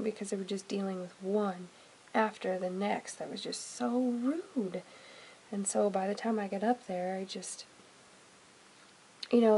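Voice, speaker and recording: Brief: woman vlogger, mid-pitched, rambling casual chat, faint hiss. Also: poor audio. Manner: chatty, frequent "um" and "you know", drifting softer. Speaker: family vlogger. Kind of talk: casual vlog talk to camera. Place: home closet.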